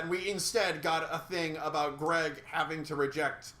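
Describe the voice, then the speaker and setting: Sarcastic, ranting man with a bright voice. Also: on the high side, steady tone, normal speed, reverberant. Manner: sarcastic, exasperated, swears freely. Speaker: podcast co-host reviewer. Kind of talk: casual ranting review chat.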